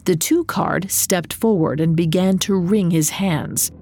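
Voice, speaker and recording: A woman reading a storybook aloud in a calm, measured, expressive narration. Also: fairly low pitch, a little hiss or hum. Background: soft music.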